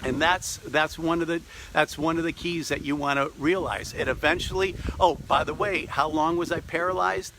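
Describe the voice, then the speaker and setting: A middle-aged man with a bright, forceful voice pitched a little high tells a story as a business coach. He speaks with animated energy and sometimes acts out the voices of people in his story. The tone is that of a motivational vlog. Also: normal speed, slight background noise. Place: recording on a trip abroad.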